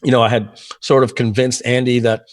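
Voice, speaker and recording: A man in his fifties, a guest telling long stories in a casual interview, rambling with many fillers and frequent throat-clearing. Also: medium pitch, level tone, a little fast, dry recording. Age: 50s. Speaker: guest, software entrepreneur.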